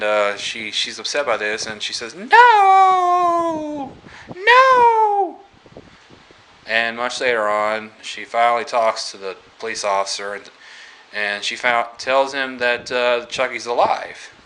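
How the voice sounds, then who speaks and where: Slow, halting man retelling a movie. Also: fairly low pitch, flat delivery, bright, forceful tone, slight background noise, rough recording. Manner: halting, full of fillers and restarts. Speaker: movie reviewer. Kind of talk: casual movie plot retelling.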